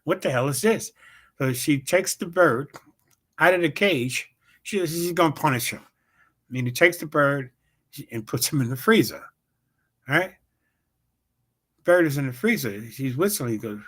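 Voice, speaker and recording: A middle-aged man, a comedian and show host, telling a joke and a backstage story in casual, animated talk. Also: on the high side, unhurried, pauses often.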